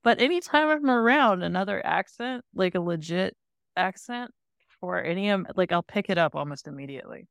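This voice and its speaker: A woman's voice: on the low side, animated, fairly quick, creaky, clean tone, no room sound, clean studio sound. A woman on a podcast telling stories in casual chat, laughing easily.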